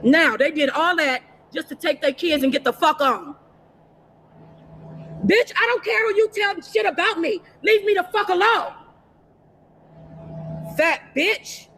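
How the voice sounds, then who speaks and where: A woman on a phone livestream from inside a fast-food restaurant, cursing and confronting someone in an angry rant. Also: very high voice, a little hiss or hum. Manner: profane, confrontational, repetitive shouting. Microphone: phone held for a livestream.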